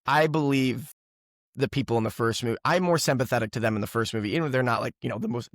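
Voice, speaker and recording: A man with a gravelly, mid-pitched voice talks casually with friends about a movie. He rambles, restarts and laughs often. The sound is close and dry, with no room around it. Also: fast talker, no room sound. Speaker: podcast co-host. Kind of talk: casual movie-review chat.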